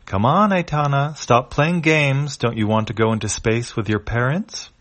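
A man's voice: medium pitch, normal speed, a bit bright, pitched above the performer's own voice, lightly acted. A man reading a comic aloud, voicing an impatient dog-like alien who is trying to catch a child. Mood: coaxing. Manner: coaxing, then irritable and grumbling.

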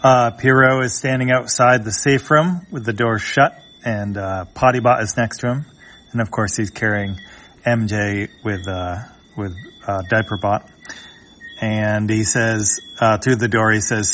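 A man reading a comic strip aloud, describing the panels in a halting way with many filler sounds. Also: on the low side, steady tone, a bit bright, a little hiss or hum.

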